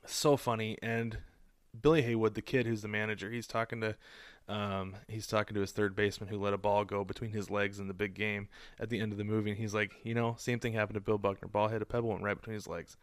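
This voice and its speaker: A man in his thirties co-hosting a casual podcast, an animated storyteller who drops his voice to quote people. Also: fairly low pitch, fast, no room sound. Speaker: podcast co-host. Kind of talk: casual chat.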